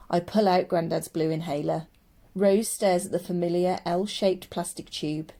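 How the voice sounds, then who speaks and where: A woman narrating a children's audiobook in a steady storytelling voice. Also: lowish voice, unhurried.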